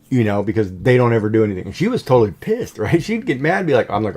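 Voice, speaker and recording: A man's voice: medium pitch, expressive, racing, few pauses, darkish tone, faint music behind. A middle-aged man hosting a livestream from home, chatting casually and rambling with lots of fillers and restarts. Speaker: livestream host. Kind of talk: casual chat.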